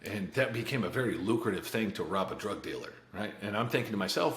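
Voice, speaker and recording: A man's voice: lowish voice, animated, fast, hardly any pauses, a bit bright. A man in his forties telling his life story as a podcast guest, blunt and profane, with many restarts and short laughs. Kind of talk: candid life-story interview. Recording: roomy echo.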